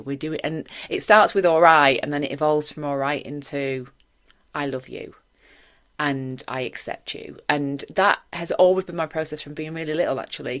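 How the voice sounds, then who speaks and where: A woman in her forties co-hosts a podcast, chatting casually but earnestly and reflectively in long run-on thoughts. Her voice is low-pitched and a bit bright.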